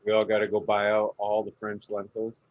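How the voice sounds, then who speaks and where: A man's voice: fairly low pitch, monotone, normal speed, lo-fi sound. A man joking and teasing others in a casual chat. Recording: noisy background.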